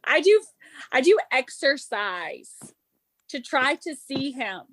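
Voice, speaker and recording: A woman's voice: sits high, big pitch swings, slow pace, a bit bright, slight background noise. A young woman hosting a podcast, telling stories in casual chat with frequent giggles. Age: young adult. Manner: chatty storyteller, giggly, Southern "y'all". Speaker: podcast host.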